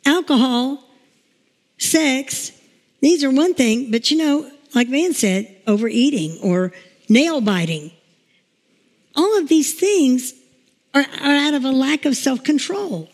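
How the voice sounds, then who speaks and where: A woman's voice: sits high, lively intonation, takes it slowly, pauses often, darkish tone. A woman pastor giving a chatty, emotional sermon, telling stories and laughing along the way. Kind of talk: informal sermon with storytelling. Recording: long reverb in a large room.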